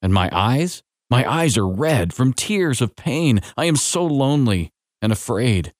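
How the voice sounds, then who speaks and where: A man voicing a lonely, frightened teenage girl, speaking softly and slowly in a pleading way, in a storybook reading. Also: mid-range voice, big pitch swings, no echo. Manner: soft, slow, pleading.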